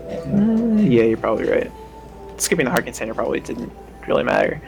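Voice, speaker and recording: A man's voice: mid-range voice, fast talker, gravelly. A young man streaming a speedrun, chatting casually with rambling, sarcastic asides. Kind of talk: casual stream chat over gameplay. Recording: game music playing behind.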